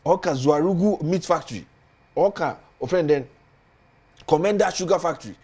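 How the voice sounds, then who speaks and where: A man's voice: a little high, normal speed, dark tone, husky. A man with a Ghanaian accent, a politician guest on a studio talk show, speaking earnestly and building emphasis as he lists points.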